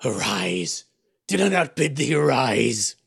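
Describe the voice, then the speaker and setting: A man voicing a tormented male fiend who was once mortal, speaking slowly and gravely with a gibbering, shuddering voice and sudden loud outbursts. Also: mid-range voice, big pitch swings, heavily acted. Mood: commanding. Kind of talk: dramatic story reading.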